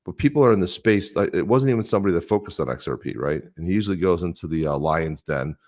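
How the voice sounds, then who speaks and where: Very deep-voiced man, joking podcast host. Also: quick pace, darkish tone. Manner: joking, sarcastic, reads quotes aloud. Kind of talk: casual chat.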